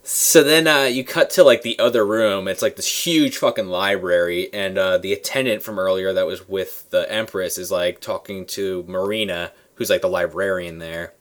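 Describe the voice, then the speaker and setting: Laid-back podcast co-host, lowish voice, recaps scenes casually. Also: male voice, normal speed, hardly any pauses, fairly bright tone. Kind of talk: casual chat.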